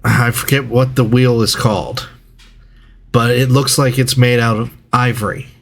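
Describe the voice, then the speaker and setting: A man narrating a tabletop game as game master, describing scenes in a measured, descriptive way. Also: medium pitch, fairly even intonation, vocal fry, a little hiss or hum.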